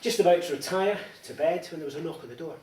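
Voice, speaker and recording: A man's voice: fairly high pitch, fast. A middle-aged man from Scotland giving a teasing, anecdotal after-dinner comic speech. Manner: anecdotal, teasing, lively storytelling. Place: large dining hall. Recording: echoey hall, distant mic, background noise.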